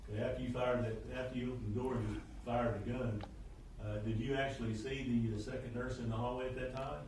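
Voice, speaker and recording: A male attorney questioning a witness, his questions quick and direct. The courtroom echoes around him, with a faint hum of noise behind. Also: medium pitch, flat delivery, a little mellow.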